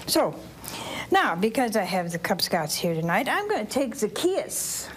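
A woman preaching to children and families, animated and quizzing her listeners, and dropping to a whisper for asides. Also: medium pitch, measured pace, a little hiss or hum. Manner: animated, quizzing the audience with questions.

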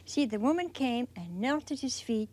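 A woman teaching scripture in a folksy, animated storytelling manner, acting out the quotes she tells. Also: fairly high pitch, moderate pace. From Italian heritage. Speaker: religious teacher. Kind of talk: televised sermon talk.

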